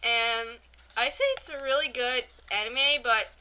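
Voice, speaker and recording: Bright-voiced young woman rambling animatedly. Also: a little high, fairly even intonation, measured pace, a little hiss or hum. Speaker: podcast co-host. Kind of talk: casual anime review chat.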